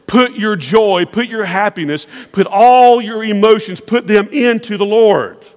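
A man's voice: high voice, unhurried, darkish tone. A man preaching a sermon as pastor, with an emphatic, repetitive preaching cadence. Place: large church sanctuary. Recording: long church reverb.

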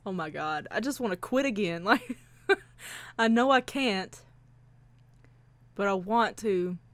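A woman's voice: medium pitch, animated, a little slow, dry recording. A young woman playing a horror game on her channel, talking casually, jittery and frightened, laughing nervously between lines. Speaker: let's play gamer.

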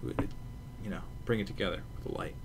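A man's voice: fast, slight background noise. A man in his thirties co-hosting a podcast, chatting casually in a rambling way with hesitant restarts. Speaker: podcast co-host.

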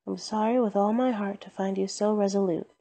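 Cheerful earnest young man as a woman reads him, pleading, breathy voice, mellow tone. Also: mid-range voice, fairly even intonation, fairly quick, lightly acted. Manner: warm-hearted, pleading.

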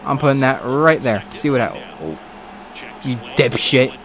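A man giving casual let's-play commentary on a baseball video game, excitable, swearing and talking back to the game. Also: medium pitch, normal speed, slight background noise. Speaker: gaming commentator.

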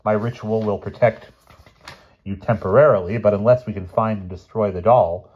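A man voicing a crabby, bombastic elderly male professor in an audiobook reading, loud and indignant. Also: lowish voice, steady tone, normal speed, breathy edge, highs cut off. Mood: grave.

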